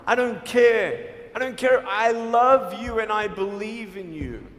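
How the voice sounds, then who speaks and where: Motivational speaker, male, high voice, emphatic preachy delivery, hall echo. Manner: emphatic and preachy, swinging between hushed and loud. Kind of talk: motivational speech to a school audience. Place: large school hall. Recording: echoey hall reverb.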